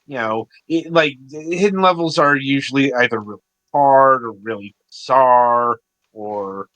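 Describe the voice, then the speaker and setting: A man's voice: mid-range voice, a little slow, a bit bright, dry recording. A man hosting a casual interview, asking easygoing, rambling questions. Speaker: podcast host.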